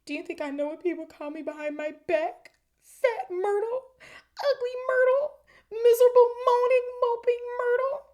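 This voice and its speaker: A woman's voice: fairly even intonation, normal speed, darkish tone. A woman voicing a sulky, weepy ghost girl in a storybook reading, wailing and self-pitying. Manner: wailing, self-pitying, shrill when upset.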